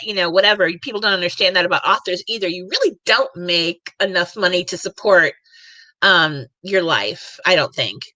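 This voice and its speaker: Woman podcast host in her forties, emotional and rambling, with a bright, dry voice. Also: mid-range voice, no echo. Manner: emotional, rambling, many fillers. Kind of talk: live panel show chat.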